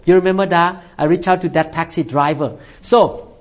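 A man's voice: on the high side, fairly even intonation, normal speed. A man preaching a sermon in an earnest way, often restarting words and calling out "Amen?" to the congregation. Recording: dull lo-fi recording.

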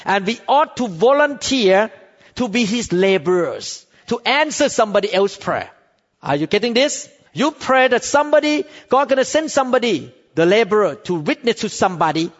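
A man's voice: high-pitched, sing-song, normal speed, in a large hall, highs cut off. A man preaching a sermon as pastor in accented, non-native English, emphatic and repetitive, often calling out for an amen from the congregation.

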